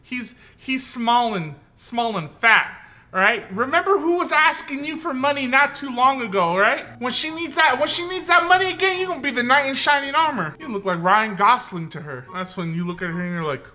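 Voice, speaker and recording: A man's voice: extremely high pitch, lively intonation, a little fast, hardly any pauses, sharp tone. A young man giving comedic commentary on a reality-show clip, joking and often slipping into mock voices. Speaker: YouTube commentator.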